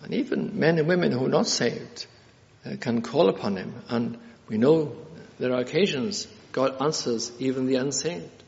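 Creaky and a little mellow, this man's medium-pitched voice moves at a moderate pace through an earnest expository sermon. He repeatedly returns to key phrases and hesitates often with fillers between points, captured in dull, lo-fi sound with long church-hall reverb.

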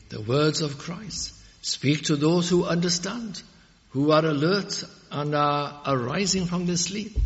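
A man preaching a sermon, fervent and emphatic, rising to loud peaks when he quotes scripture. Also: on the high side, vocal fry. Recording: muffled audio with long hall reverb.

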